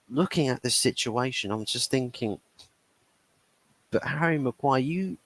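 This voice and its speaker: A low-voiced man hosts a football chat, ranting casually and acting out players and managers in quick bits of dialogue. He restarts his sentences often as his points tumble out. The sound is close and dry. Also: dry recording. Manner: animated, acts out quoted dialogue, frequent restarts. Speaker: football channel host. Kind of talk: casual chat, opinionated rant.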